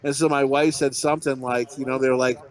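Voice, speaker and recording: A man's voice: medium pitch, little pitch movement, quick pace. A middle-aged man and podcast co-host telling rambling, profane, self-mocking stories in casual chat. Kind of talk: casual storytelling.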